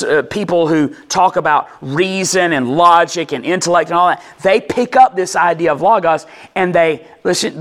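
Chatty preacher with a fairly high voice. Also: male voice, fairly bright tone. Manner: conversational, checks in with listeners often; restarts and repeats words while explaining. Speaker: pastor. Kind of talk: sermon teaching.

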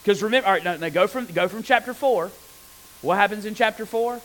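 A man preaching a conversational sermon on scripture, animated and often asking his listeners rhetorical questions. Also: high-pitched, fairly quick, slight background noise, rough recording.

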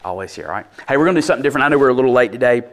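A married man preaching a sermon, blunt and folksy, repeating phrases for emphasis and swinging from urgent pleas to quiet asides. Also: medium pitch, animated, rapid-fire. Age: adult, married. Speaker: pastor.

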